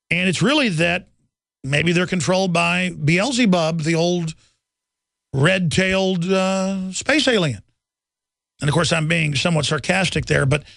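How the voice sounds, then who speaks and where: Gravelly guy ranting on talk radio, high pitched, super dry mic. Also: fairly bright tone, no echo. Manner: rapid, intense ranting, mocking officials in sing-song voices. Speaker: radio talk show host.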